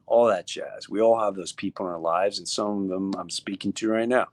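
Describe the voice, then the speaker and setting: A middle-aged comedian telling a story in a casual, animated way, acting out what others said. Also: male voice, on the low side, a little fast. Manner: animated, acts out quoted voices, many restarts. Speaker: comedian guest.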